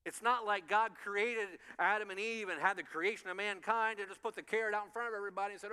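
A man preaching a sermon to a congregation in animated storytelling style, acting out voices and chuckling along the way. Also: sits high, fast talker, few pauses, smooth, in a large hall. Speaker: pastor. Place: church sanctuary.

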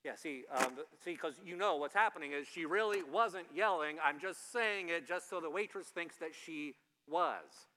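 A male pastor delivers a sermon in a bright, fairly high voice. He talks in a loose, conversational way, full of jokes, repeated words and restarts. The long reverb of a church hall trails behind him. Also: normal speed, few pauses, a little hiss or hum.

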